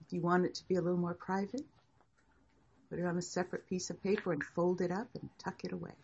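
An older woman teaching a class, speaking in a gentle, encouraging and unhurried way. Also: lowish voice, flat delivery, gravelly, muffled recording, a little hiss or hum. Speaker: meditation teacher. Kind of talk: guiding a class.

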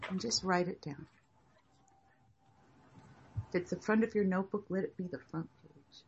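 An older woman teaching a class, speaking in a gentle, encouraging and unhurried way. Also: fairly low pitch, lo-fi sound, a little hiss or hum. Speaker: meditation teacher. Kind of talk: guiding a class.

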